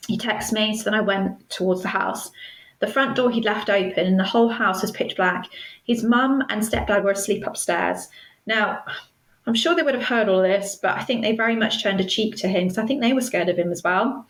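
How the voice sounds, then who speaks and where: A woman speaks as an interview guest, recounting her own story in an earnest, measured way. Her voice sits at a middle pitch for a woman. The recording carries the echo of a roomy space. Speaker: guest, stalking survivor. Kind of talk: personal storytelling in a podcast interview.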